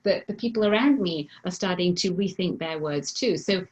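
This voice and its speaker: A woman coaching listeners through self-help exercises in an emphatic, animated way. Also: fairly low pitch, normal speed, rough recording. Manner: animated, emphatic, acts out example phrases. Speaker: mindfulness coach.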